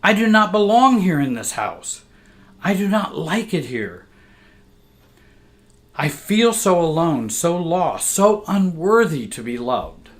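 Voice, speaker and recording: A man's voice: on the high side, very animated, slow, voice pushed up. A man voicing a frightened, lonely six-year-old girl who pleads tearfully. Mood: desperate.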